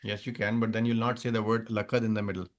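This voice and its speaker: With a lowish voice, level tone and quick pace, a man teaches Arabic grammar over video call as an online lecture. He goes step by step, repeating examples and confirming his students are with him.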